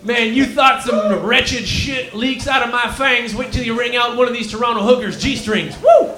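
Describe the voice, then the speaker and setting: A man putting on a crude, permanently stoned Texan cobra who drawls and rambles through a live stand-up bit. The voice sits very high and sounds bright and sharp. It rings around a roomy club room. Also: fairly even intonation, normal speed, slight background noise. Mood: stoned rowdy. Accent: Texan, put on. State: claims to be high, cotton mouth. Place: comedy lounge stage, live.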